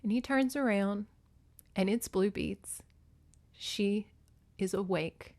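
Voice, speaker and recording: A woman hosting a podcast, recapping a book on her phone in an animated, emotional way, swinging between loud and hushed and cursing freely. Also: medium pitch, slow. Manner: laughs and curses freely. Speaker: podcast host. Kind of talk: casual book recap monologue.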